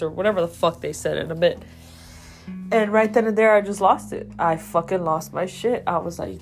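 A woman's voice: lowish voice, fairly even intonation, moderate pace, soft background music. A woman telling a raw personal story with heavy swearing and strong emotion, as a podcast host.

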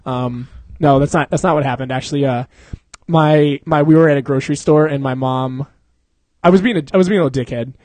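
Man, from Florida, podcast host, casual chat, animated storytelling, swears, slightly high voice. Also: a little fast, dry recording. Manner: animated storyteller, swears freely, laughs often.

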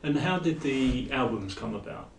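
A man hosting an interview podcast, chatty and brisk, with lots of short acknowledgements. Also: mid-range voice, animated, gravelly, far from the mic. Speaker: podcast host. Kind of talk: casual interview. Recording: echoey room with crowd noise.

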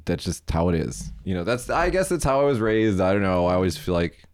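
A man co-hosting a casual chat, animated, acting out people in quoted voices and laughing often. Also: low voice, fairly quick. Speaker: podcast co-host. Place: lives in Japan.

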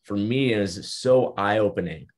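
A young man with a deep, low voice speaks as an interview guest. He tells his story in an earnest, reflective way, in casual talk. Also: a little slow, darkish tone.

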